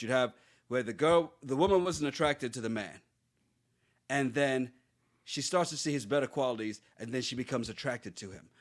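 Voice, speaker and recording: Male podcast co-host, mid-pitched and conversational, with emphatic repeats. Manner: talks things through, restarts, emphatic no-no-nos. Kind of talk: casual chat.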